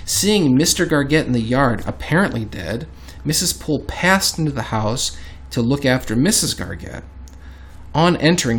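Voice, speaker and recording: A man's voice: mid-range voice, gravelly. A man reads an old account aloud in a casual chat with a co-host. His delivery leans dramatic, and he stops often to comment.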